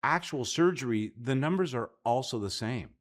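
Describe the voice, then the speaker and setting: A man from Canada co-hosting a casual policy talk show, earnest with quick jokey asides. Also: mid-range voice, expressive. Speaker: podcast co-host. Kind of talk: casual chat about policy.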